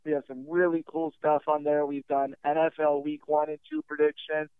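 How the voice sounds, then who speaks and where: A man's voice: a little high, level tone, moderate pace, clear, resonant tone, no room sound. A young man, a guest podcaster, earnestly and upbeatly promoting his own sports show. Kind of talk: promotional pitch. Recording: tinny phone-like line.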